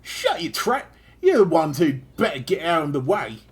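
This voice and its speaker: A man voicing a brash young woman thief with a mock Australian accent, shouty and exaggerated. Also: fairly high pitch, huge pitch swings, normal speed, breathy edge, voice pushed up, heavily acted. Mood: feisty.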